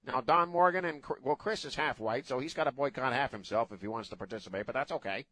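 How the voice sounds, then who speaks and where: A man's voice: medium pitch, quick pace, few pauses, sharp tone, no room sound, faint music behind. A man hosting a talk radio show, talking in a sarcastic, mocking way into a studio microphone.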